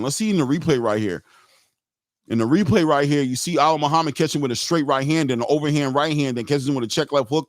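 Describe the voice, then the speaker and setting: A man's voice: a little high, dry recording, studio quality. A man hosting a live boxing stream, giving casual, slangy fight commentary and talking straight to his viewers.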